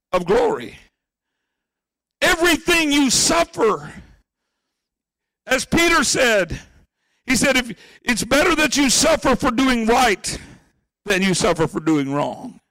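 A man preaching a sermon to his congregation, speaking to them directly, slowing on key phrases and building to shouts. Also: very high-pitched, dry recording, studio quality. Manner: impassioned preaching that swells into shouts. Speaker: pastor.

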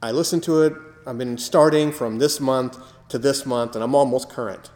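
A man co-hosting a casual podcast chat, telling stories with animated quoted voices. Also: medium pitch, moderate pace. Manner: animated storyteller, acts out quotes. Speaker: podcast co-host. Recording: echoey room with long reverb.

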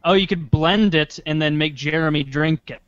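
Joking man, a bit high, muffled. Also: normal speed, clear, resonant tone, no echo. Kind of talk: casual profane banter.

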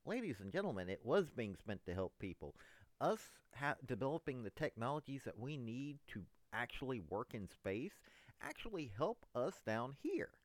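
A man delivering an unscripted political monologue, emphatic, addressing his listeners as ladies and gentlemen. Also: mid-range voice, very animated, normal speed, no room sound. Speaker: political commentator.

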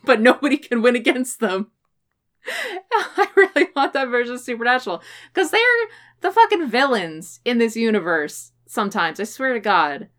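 A woman hosting a casual podcast, excitable and profane, laughing often as she chats. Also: on the high side. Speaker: podcast host. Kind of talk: casual chat.

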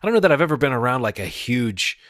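A man's voice: medium pitch, very animated, fast, fairly bright tone, no room sound, studio quality. A man hosting a casual podcast chat, talking eagerly and thinking aloud with frequent restarts.

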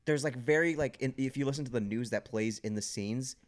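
A man's voice: medium pitch, brisk. A young man co-hosting a podcast, chatting casually with lots of filler words. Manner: relaxed, many fillers like "like". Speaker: podcast co-host.

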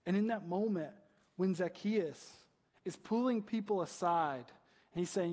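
A man's voice: high voice, measured pace, a little mellow, in a large hall. A male pastor preaching a conversational sermon, asking rhetorical questions and often adding "right?".

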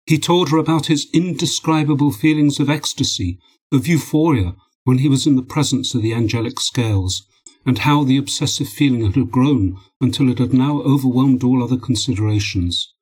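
A man narrating an audiobook in a steady, measured reading. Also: medium pitch, husky, rough recording.

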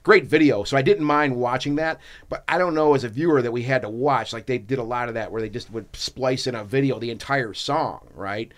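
A man's voice: mid-range voice, brisk, hardly any pauses. A man co-hosting a film podcast, chatting casually and rambling with lots of restarts. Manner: rambling, enthusiastic, many ums and restarts. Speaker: podcast co-host. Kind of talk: casual chat.

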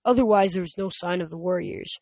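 With poor audio, close-miked in a dry, dead space with no room sound, an audiobook reader narrates a first-person story fast. The delivery stays steady and plain at an even middle pitch, with occasional stumbles and restarts.

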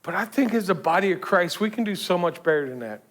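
A man preaches in a loose, conversational way, sliding into the voices of the people in his story. His voice sits high for a man. He often restarts and repeats words as he goes. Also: lively intonation, fast, a bit bright. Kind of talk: sermon.

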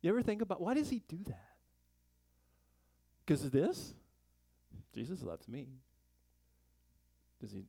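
Gravelly, lively man teaching the Bible. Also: mid-range voice, moderate pace, long pauses, no room sound. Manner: chatty, joking asides, rhetorical questions. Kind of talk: conversational Bible study sermon.

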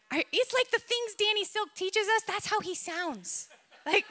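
Woman, very high voice, preaching a sermon, laughs often, animated and emotional. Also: moderate pace, a little hiss or hum.

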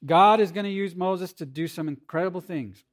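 A man's voice: high voice, moderate pace. A man preaching as a pastor, speaking conversationally with playful asides and acted-out quotes. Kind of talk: sermon.

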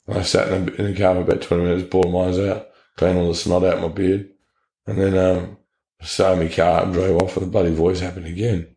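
Deep gravelly Australian man. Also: level tone, fairly quick, warm tone. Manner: blunt, earnest storytelling with slang. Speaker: interview guest. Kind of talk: personal testimony. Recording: echoey room.

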